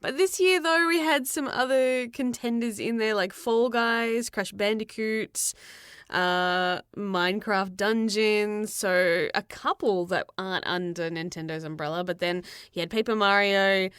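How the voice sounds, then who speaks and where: A woman co-hosting a relaxed gaming podcast, easygoing and quick to laugh. She talks slowly in a smooth, clear voice. The sound is dry and close to the mic. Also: mid-range voice, no room sound. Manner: laughs often, slow and easygoing. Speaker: podcast co-host. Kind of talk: casual podcast chat.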